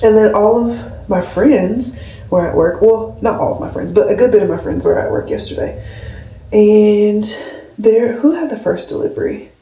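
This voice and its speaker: Chatting to the camera about her week, this twenty-something labor and delivery nurse and vlogger has a medium-pitched, dark-toned voice and keeps a moderate pace. Her talk is rambling and sincere, peppered with "like." The camera sits on a skincare shelf in a room at home, and its mic records from a distance, so the audio sounds roomy and slightly distant.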